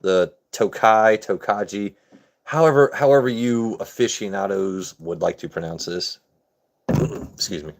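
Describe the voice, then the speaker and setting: A man's voice: low-pitched, expressive, normal speed, gravelly, a little mellow. A man hosting a casual livestream, joking and chatting with viewers by name in a laid-back way. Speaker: livestream host. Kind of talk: casual chat with live chat viewers.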